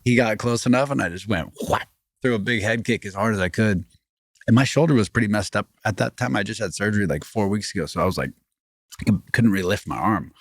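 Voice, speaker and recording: A man, a podcast guest telling a story in rambling, animated casual talk full of restarts. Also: lowish voice, fast, dry recording, studio quality. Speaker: podcast guest, former fighting champion.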